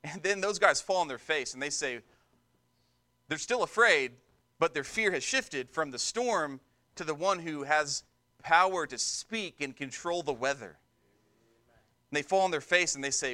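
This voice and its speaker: Male pastor, sermon delivery, bright and high-pitched, emphatic and repetitive. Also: lively intonation, a little slow, pauses often. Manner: emphatic preaching, repeats words for stress.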